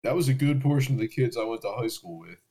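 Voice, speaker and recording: A man's voice: mid-range voice, expressive, quick pace, dark tone. A man in his twenties from New Jersey, easygoing in casual chat, laughing along with lots of "like".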